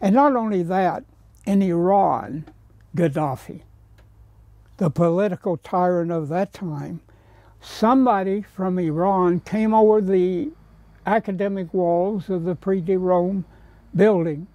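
Gravelly, deliberate American storyteller man. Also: sits high, dark tone, no room sound. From United States. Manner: acts out other people's lines, drops to whispers. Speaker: painter telling stories. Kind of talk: anecdotal storytelling.

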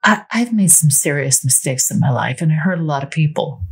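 A woman voicing a divorced woman on vacation, teasing and flirty, lifting her voice higher than her narration. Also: expressive, brisk, slightly rough, heavily acted.

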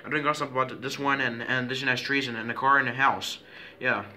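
A man goofs around in a home video, repeating phrases and inventing names between giggles. His bright tone sits at a middling pitch, with a faint hiss of noise behind it. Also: steady tone, brisk. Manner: giggly, repetitive, silly made-up names. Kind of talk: playful home video chat.

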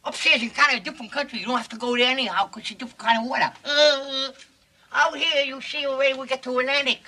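A man's voice: extremely high pitch, steady tone, fast, bright, forceful tone, exaggerated voice, poor audio. An actor playing a bumbling TV weatherman with a put-on foreign accent, rambling in garbled English in a 1950s film comedy.

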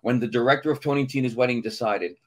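A man's voice: medium pitch, very fast. A middle-aged man with a New York accent, a guest on a casual podcast, telling stories and acting out voices in them. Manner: animated storyteller, acts out voices in anecdotes. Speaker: guest actor. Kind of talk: casual podcast chat, storytelling.

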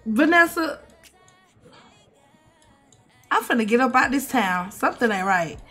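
Animated high-voiced woman gaming streamer. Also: brisk, soft background music. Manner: animated, swearing, mock-outraged. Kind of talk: casual gameplay commentary.

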